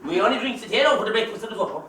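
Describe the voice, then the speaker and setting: A man with an Irish accent playing a loud, teasing, scheming countryman in an amateur stage play, heard from far off on an echoey stage. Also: high-pitched, expressive, rapid-fire. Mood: boisterous. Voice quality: teasing, boisterous and pushy. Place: theatre stage. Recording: echoey stage recorded from far off with faint hiss.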